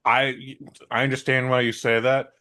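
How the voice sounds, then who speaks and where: A man's voice: mid-range voice, normal speed. A man co-hosting a podcast, telling stories animatedly, swearing freely and acting out what people said. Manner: animated storyteller, swears freely, acts out quotes. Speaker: podcast co-host. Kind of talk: casual chat.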